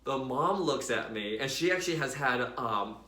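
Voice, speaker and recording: A man casually telling a personal faith story to his viewers in a chatty, animated way, full of fillers. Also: medium pitch, normal speed, echoey room. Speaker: vlogger sharing a faith story.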